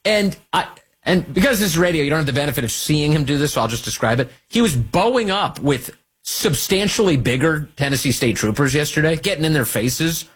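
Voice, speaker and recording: A man hosting a political talk radio show, mocking and animated, sometimes squealing up high to mimic people. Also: a little fast, husky. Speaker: radio host.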